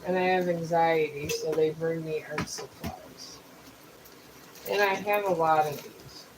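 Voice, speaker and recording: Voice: medium pitch, unhurried. A live streamer chatting casually while painting, thinking aloud and explaining the art supplies step by step. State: just woke up. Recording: steady background noise.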